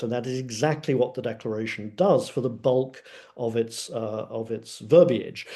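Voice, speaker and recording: A man's voice: medium pitch, warm tone. A man speaking as a panelist in an academic webinar, lecturing emphatically with frequent filler sounds.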